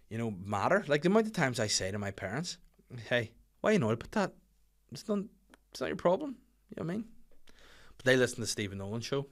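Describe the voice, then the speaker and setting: Brief: Northern Irish male comic host, young adult, sweary solo podcast rants, mid pitch. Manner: swearing, animated rants that swing loud and high. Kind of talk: casual solo podcast chat.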